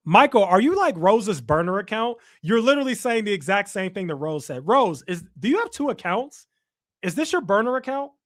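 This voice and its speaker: A man's voice: high-pitched, sing-song, a little fast. Chicago guy streaming, reading chat and trash talking for fun, voice jumps all over. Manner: teasing, playful trash talk to chat. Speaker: livestream host. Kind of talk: casual livestream chat reading comments.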